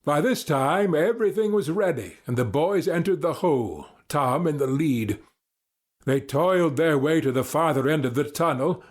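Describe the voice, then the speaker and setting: A man narrating a story in a steady, storybook manner. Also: a little high. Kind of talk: scripted narration.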